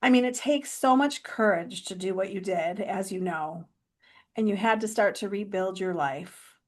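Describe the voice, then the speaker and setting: A woman hosts a podcast interview, asking her questions in an encouraging, supportive way. Her voice sits at an ordinary pitch for a woman. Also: normal speed. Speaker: podcast host. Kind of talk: interview conversation.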